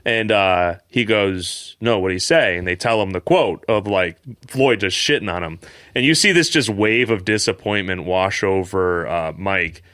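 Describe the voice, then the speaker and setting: A man's voice: deep voice, measured pace, fairly bright tone, clean tone, dry recording, studio quality. A man co-hosting a casual podcast, telling stories animatedly and swearing often. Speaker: podcast co-host. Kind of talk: casual chat.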